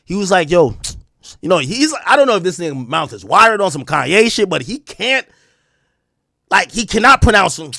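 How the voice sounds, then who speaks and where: A man streaming and ranting about a phone call, his voice leaping around with a lively, swinging pitch and a slightly higher tone than most men. The sound is close and dry, with no room around it. He mocks the people he imitates and laughs between jabs. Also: normal speed, creaky, no room sound. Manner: animated, profane, mocking impressions, laughs often. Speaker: streamer host. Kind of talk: casual storytelling rant on a livestream.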